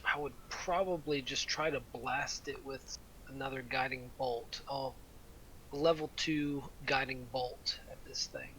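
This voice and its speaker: Guy with a bright kinda high voice playing d&d, stop-start, faint hum behind. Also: expressive, gravelly, rough recording. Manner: halting, asks many rules questions. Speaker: player, war cleric. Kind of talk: playing a tabletop game online.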